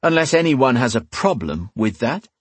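A man's voice: medium pitch, big pitch swings, moderate pace, breathy edge, dry recording, pitched above the performer's own voice. A man playing a coldly polite young man with menace. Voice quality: falsely polite, controlled.

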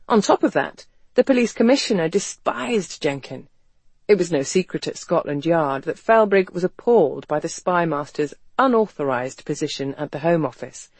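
An audiobook narrator reading a novel in an even, measured storytelling voice. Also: medium pitch, no echo.

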